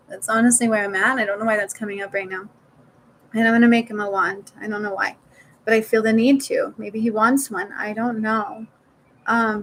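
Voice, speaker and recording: A woman's voice: medium pitch, a bit bright, slight background noise, low-quality recording. A woman talking casually to viewers in a live stream as a spiritual healer, swearing now and then and repeating words for emphasis.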